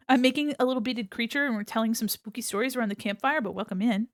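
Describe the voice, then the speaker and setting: A woman's voice: fairly high pitch, fast talker, no room sound, clean studio sound. A woman hosting a stream who chats casually and rambles, distracted while she beads small crafts. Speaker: streamer host.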